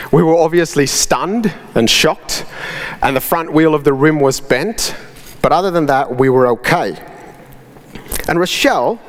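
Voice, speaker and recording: A man gives a Sunday sermon at church. His pitch rises and falls a lot as he tells his story, and he often stops to say um. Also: long reverb tail. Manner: lively storytelling with frequent ums. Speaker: preacher.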